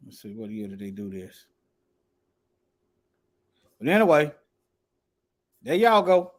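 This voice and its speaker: A man giving casual commentary while reading news articles aloud. He talks emphatically, repeats phrases and stumbles over words, and mutters quietly to himself between points. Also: medium pitch, sing-song, a little slow, pauses often. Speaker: political commentator.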